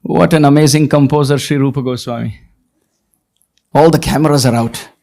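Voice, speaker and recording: A man giving a devotional lecture at a retreat, chanting verses slowly and then explaining them with emphasis. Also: medium pitch, steady tone, creaky, darkish tone. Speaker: spiritual teacher. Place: retreat hall, before a live audience.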